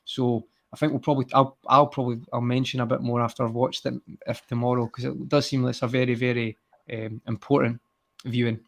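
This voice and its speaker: A man's voice: medium pitch, level tone, fairly quick, gravelly. A man co-hosting a casual live stream, talking in a hesitant way with frequent restarts. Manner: hesitant, repeats words and restarts.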